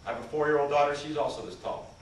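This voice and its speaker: Fairly high-pitched and steady in tone, this fast talker trains people in communication. He's giving an interactive seminar presentation in a large conference hall, putting questions to the room. Expect hall echo, a distant mic, and faint noise.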